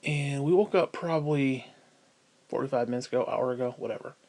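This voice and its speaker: A man's voice: medium pitch, a little fast, a little mellow. A man venting at home in a casual vlog, profane and sighing as he rants. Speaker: vlogger.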